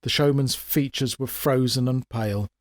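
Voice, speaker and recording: A man reads his own comic fantasy story with wry, dramatic expression. His voice sits at a middling pitch, and the recording is close and dry with no room echo. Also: normal speed. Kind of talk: dramatic audiobook narration.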